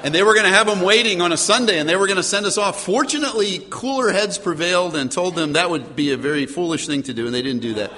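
Middle-aged male pastor, fairly high voice, animated storytelling sermon, long church reverb. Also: fast talker, hardly any pauses, a little hiss or hum. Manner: animated storyteller, chuckles, repeats words.

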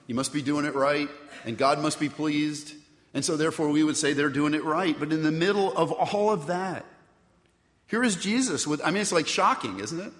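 A man's voice: fairly high pitch, a bit bright. A man preaching a sermon as pastor, reading scripture and asking the congregation rhetorical questions in a conversational way. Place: church sanctuary. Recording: long hall reverb.

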